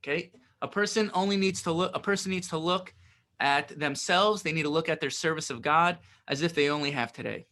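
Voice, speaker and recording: High, bright-voiced man teaching a lesson. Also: a little fast. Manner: reads Hebrew phrases then explains in casual English, often asks "right?". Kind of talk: Torah lesson, reading and translating text.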